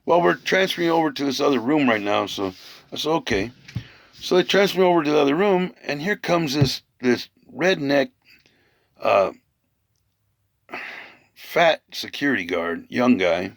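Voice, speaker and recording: A man's voice: fairly high pitch, lively intonation, normal speed, creaky, pauses often, no echo. A middle-aged man telling a rambling personal story, full of fillers and repeated words. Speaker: vlogger. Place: living on the road, camp.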